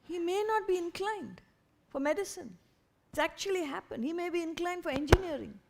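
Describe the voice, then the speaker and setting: A woman giving an earnest, lively spiritual talk to an audience, sometimes acting out parents' voices. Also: very high voice, fairly quick, gravelly. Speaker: spiritual speaker.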